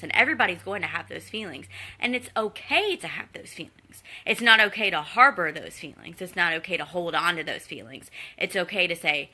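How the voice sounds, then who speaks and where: Earnest woman with a bright tense voice. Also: on the low side, lively intonation, fairly quick, few pauses. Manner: earnest, encouraging, conversational with fillers. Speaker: guest speaker in a live Q&A. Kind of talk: candid personal talk to a community.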